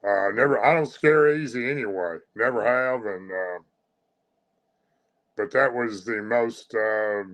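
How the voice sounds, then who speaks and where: A middle-aged man, telling his own story as a guest in a halting, rambling way. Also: lowish voice, fairly bright tone, low-quality recording. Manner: rambling, halting, many fillers and restarts. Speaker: guest telling a creature encounter. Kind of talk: first-person storytelling.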